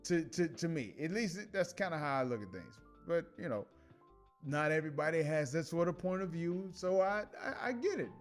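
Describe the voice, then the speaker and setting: Sex: man. Role: commentary host. Style: casual talk. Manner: animated, laughing. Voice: fairly high. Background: faint music. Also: normal speed. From Chicago. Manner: animated, laughs often, many restarts and slang.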